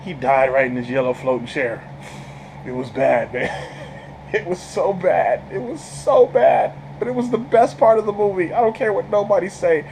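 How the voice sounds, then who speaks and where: Excitable, slangy man reviewing a film. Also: high voice, normal speed, vocal fry, slight background noise, rough recording. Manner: excitable storyteller, stammers repeated words, laughs often, slangy. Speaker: channel host reviewing a film. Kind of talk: casual spoiler movie review.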